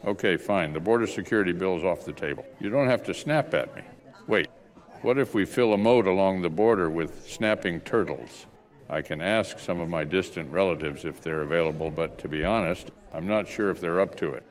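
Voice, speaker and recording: A man voicing a calm male turtle in a meme video, speaking in a dry, deadpan way. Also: low-pitched, a little fast, close to an everyday voice.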